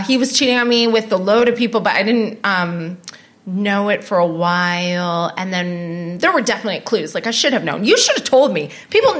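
A woman's voice: medium pitch, a bit bright. A woman comedian guest in a casual podcast chat, telling candid anecdotes.

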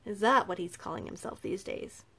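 A calm, persuasive young prince, read by a woman. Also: mid-range voice, moderate pace, husky. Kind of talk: audiobook character reading.

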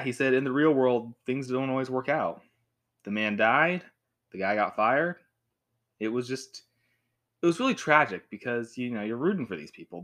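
A young man reviewing a show at home in a rambling, animated way, with frequent restarts. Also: medium pitch. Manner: rambling, animated, with many restarts and acted quotes. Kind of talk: casual talk to camera. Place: home with a cat.

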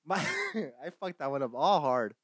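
A young man hosting a casual stream, talking loudly, swearing constantly and laughing often. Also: mid-range voice, animated, moderate pace, dry recording, studio quality. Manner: loud, swearing, laughing often, mocking voices. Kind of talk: profane casual chat.

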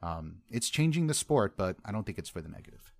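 A man's voice: on the low side, very animated, fairly quick, vocal fry, darkish tone. A man hosting a casual sports podcast, upbeat, often repeating words as he starts sentences. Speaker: podcast host.

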